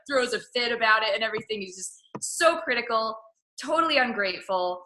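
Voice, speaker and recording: A woman co-hosting a casual film discussion, talking with passion and acting out characters in loud mock voices. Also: fairly high pitch, expressive, fast. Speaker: film podcast co-host. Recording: roomy echo.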